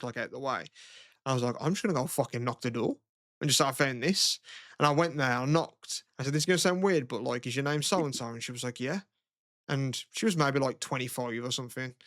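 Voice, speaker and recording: A man's voice: mid-range voice, a bit bright, no echo. Man, rambling, swearing, casual podcast storytelling, dry close sound. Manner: swears a lot, rambling with many "like" fillers. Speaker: podcast co-host.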